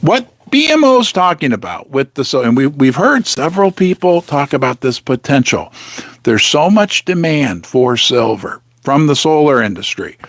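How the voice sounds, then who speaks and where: A man hosting a casual live stream, talking with many restarts and rhetorical questions, clearing his throat as he is losing his voice. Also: medium pitch, very animated, moderate pace, no echo. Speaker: host of a live precious-metals stream.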